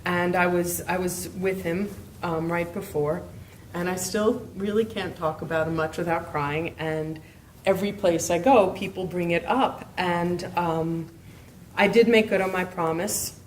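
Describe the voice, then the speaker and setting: Halting woman novelist on a panel. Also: lowish voice, slight background noise, poor audio. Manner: animated, laughing, halting. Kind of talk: conversational storytelling. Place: book event room, indoors.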